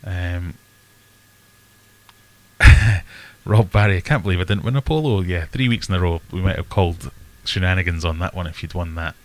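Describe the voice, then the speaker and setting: Deep-voiced man, chatty livestream host. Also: moderate pace, pauses often. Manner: chatty, self-deprecating, rambling asides. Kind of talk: casual live chat. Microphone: desk webcam setup.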